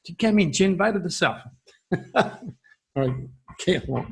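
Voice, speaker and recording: A man's voice: sits high, lively intonation, measured pace, vocal fry, long pauses, slight background noise. A man from France, a middle-aged astrologer host, chatting casually to his viewers and telling a story, repeating his words as he goes. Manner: coos softly to his dog.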